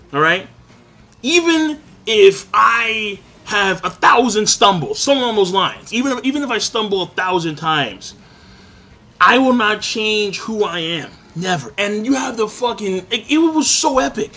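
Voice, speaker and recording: High-voiced young man, excitable profane rant. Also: normal speed. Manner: excitable, swears constantly, big swings from loud to low. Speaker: anime reviewer. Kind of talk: casual review rant.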